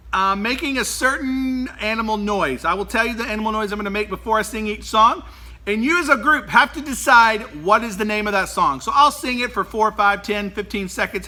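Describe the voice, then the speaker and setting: A man leading an online children's worship lesson in an animated, playful way that keeps breaking into laughter. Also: high-pitched.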